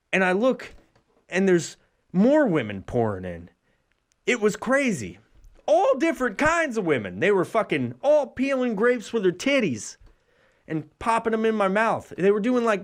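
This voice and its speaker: A man in his thirties, a podcast host, telling a profane, exaggerated comic story in a solo rambling monologue. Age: 30s. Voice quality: profane, exaggerated storytelling with bursts of high put-on voices.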